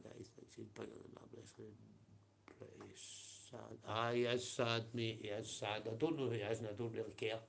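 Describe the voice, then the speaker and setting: A man's voice: lowish voice, vocal fry. A man with a Scottish accent ranting on a livestream, profane and confrontational, with blunt taunts.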